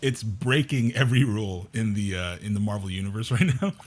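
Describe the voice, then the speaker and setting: A man's voice: lowish voice, a little fast, a crowd in the background. A man, an actor and panelist, chatting casually and telling stories with frequent laughter. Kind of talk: casual chat.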